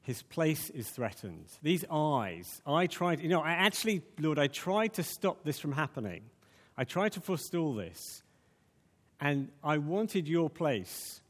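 A man's voice: a little high, very animated, measured pace, long reverb tail. A man preaching a conversational sermon, full of fillers and restarts.

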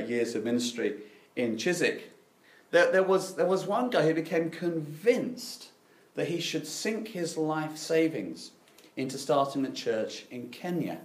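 Animated preacher in an echoey hall. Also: male voice, medium pitch. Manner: animated, self-deprecating storytelling with dry irony. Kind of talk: sermon.

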